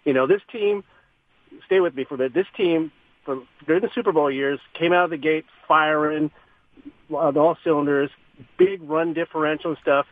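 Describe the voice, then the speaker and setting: A male caller on a sports radio show who argues fast and heatedly, heard over a phone line. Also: on the high side, dry recording. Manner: rapid ranting argument.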